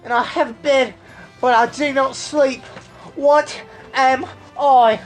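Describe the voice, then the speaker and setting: A woman's voice: sits high, fairly even intonation, takes it slowly, faint music behind. A woman voicing a timid, whiny young boy who is a prince.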